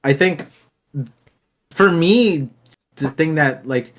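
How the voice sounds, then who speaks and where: A young man co-hosting a casual podcast, animated, laughing often and trailing off quietly. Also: a little high, takes it slowly. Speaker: podcast co-host. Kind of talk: casual chat.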